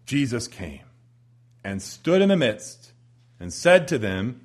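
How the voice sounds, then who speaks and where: Male preacher, lively sermon delivery, dramatic pauses, drops to near whisper. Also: medium pitch.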